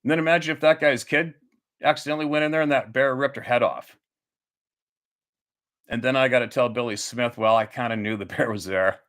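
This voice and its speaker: A man whose voice is on the high side and fairly bright hosts his own channel. He's in the middle of an angry, cursing monologue, ranting repetitively with lots of restarts and rhetorical questions.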